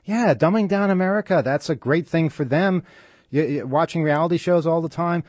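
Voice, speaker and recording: A man hosting a call-in radio talk show, earnest and full of halting fillers as he speaks into a studio microphone. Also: on the high side, a little mellow, dry recording.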